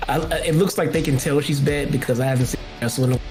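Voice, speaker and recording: A man's voice: medium pitch, fairly even intonation, a little mellow, faint music behind. Blunt opinionated co-host man. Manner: blunt, opinionated, halting with fillers. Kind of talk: casual live-stream chat.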